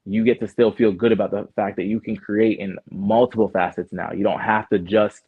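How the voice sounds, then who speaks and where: Low husky man on a muffled line. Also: fairly even intonation, brisk, dry recording. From Canada. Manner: laid-back, lots of fillers and restarts. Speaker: guest artist. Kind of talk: casual interview chat. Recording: muffled phone-like sound.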